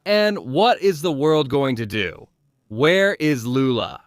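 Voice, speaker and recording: A man's voice: mid-range voice, expressive, takes it slowly, dry recording, clean studio sound. A man commentating on the news in a live stream, firing off rhetorical questions and greeting viewers in the chat.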